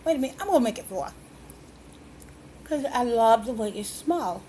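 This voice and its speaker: Woman, home cook, high and leisurely, playful folksy patter, noisy kitchen sound. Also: animated, normal speed, long pauses, dark tone. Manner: playful, folksy, chatty with the viewers. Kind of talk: cooking demonstration.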